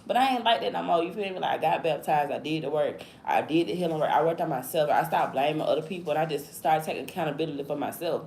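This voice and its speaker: A woman in her thirties livestreams from an echoey room with faint background noise, chatting casually in slang and often asking "you feel me?" Her low, gravelly, darkish voice moves quickly, with hardly any pauses.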